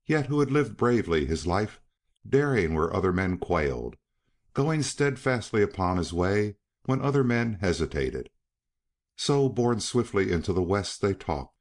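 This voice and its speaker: Deep-voiced man narrating an audiobook.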